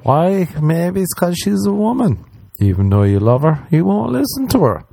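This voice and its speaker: A young man ranting casually and comically, swearing often and mocking other people with quick impressions. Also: sits high, big pitch swings, creaky, warm tone, no room sound. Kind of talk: casual comedic rant.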